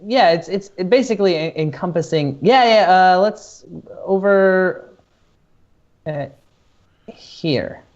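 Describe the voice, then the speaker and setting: A man at a tabletop game explains a spell, pausing and hunting for words. He sounds a little far from the mic, and the audio is dull. His pitch sits in the middle. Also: animated, darkish tone. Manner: hesitant, stops to search for words. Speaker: player.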